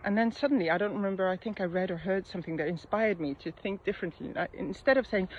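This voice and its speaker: A middle-aged woman talks through a coaching lesson in a reflective, unhurried way, often pausing on soft fillers. The recording sounds a little muffled. A faint noise sits underneath. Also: mid-range voice. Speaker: mindset coach. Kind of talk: casual coaching talk.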